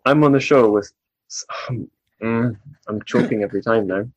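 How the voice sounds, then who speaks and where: A male podcast host interviews his guest with a friendly, joking manner. His voice sits somewhat low. The recording is dry and dull, with a lo-fi quality. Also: normal speed, no room sound. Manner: friendly, joking, stumbles over names. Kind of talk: casual interview chat.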